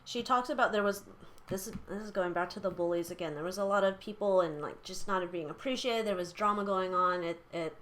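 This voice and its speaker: A woman's voice: medium pitch, fairly quick, fairly bright tone. Chatty, blunt woman reading tarot. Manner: chatty, blunt, swears freely, lots of fillers. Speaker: tarot reader. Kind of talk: casual chat during a tarot reading.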